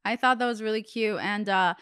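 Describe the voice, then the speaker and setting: A woman's voice: mid-range voice, a little fast, fairly bright tone, clean tone, no room sound, studio quality. A young woman hosting a podcast, telling a long rambling story in casual chat, full of "like" fillers. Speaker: podcast host.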